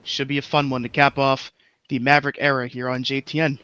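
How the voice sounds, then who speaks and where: A man's voice: medium pitch, level tone, fairly quick, sharp tone, clean tone, muffled recording. A man co-commentating a live sim race, laid-back and dry.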